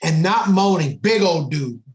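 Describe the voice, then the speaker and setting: He speaks in an unhurried, animated way with a voice on the high side. As a police sergeant on a podcast, he tells a casual story intensely, acting out the dialogue, and the room is echoey.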